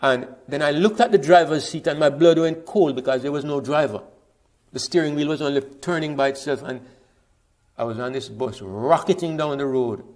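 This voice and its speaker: Jamaican man telling his life story. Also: on the high side. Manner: reflective, repeats words as he restarts. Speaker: speaker giving a testimony. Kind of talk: personal testimony storytelling.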